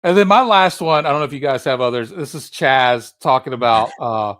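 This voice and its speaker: A man's voice: mid-range voice, brisk, a bit bright. A man hosting a casual movie podcast, retelling scenes and acting out quotes. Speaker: podcast host. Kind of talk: casual chat.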